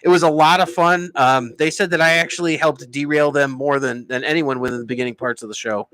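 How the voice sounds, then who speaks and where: A man co-hosting a podcast in casual chat, joking and laughing often with quick asides. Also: on the high side, steady tone, fairly bright tone. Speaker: podcast co-host.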